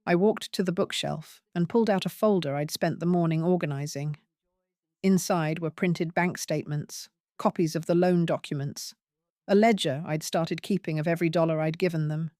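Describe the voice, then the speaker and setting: A woman narrating a first-person family drama in a measured, dramatic storytelling manner. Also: sits low, warm tone, no room sound, studio quality.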